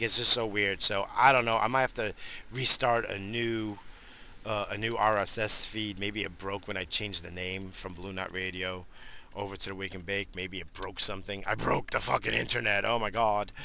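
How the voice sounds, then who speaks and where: A man in his thirties talking off the cuff on his own home podcast, rambling from one gripe to the next with plenty of swearing and self-mockery. His voice sits a little low but comes out bright and forceful, with a faint hiss of room ambience behind him. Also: gravelly. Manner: rambling, profane, self-mocking. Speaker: podcast host. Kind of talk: casual solo podcast rant.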